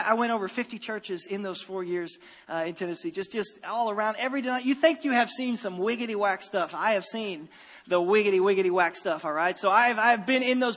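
A man preaching a sermon as pastor, animated and given to repeating his phrases and restarting sentences. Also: high voice, in a large hall.

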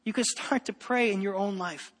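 High-voiced pastor preaching with swelling emphasis. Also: male voice, normal speed, big-room sound. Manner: emphatic, swings between loud and soft. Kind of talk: sermon.

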